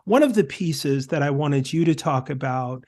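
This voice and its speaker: A man speaking as a podcast guest, telling stories in an emphatic, animated way. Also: fairly high pitch, normal speed, no room sound. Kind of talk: conversational discussion.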